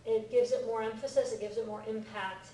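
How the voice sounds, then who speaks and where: A woman tutor explains grammar in an animated voice, a little high, acting out the examples she gives. She sounds far from the mic in an echoey room with faint background noise. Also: fairly quick. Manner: animated, acts out example lines, laughs often. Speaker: Japanese teacher. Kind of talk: lively one-on-one lesson.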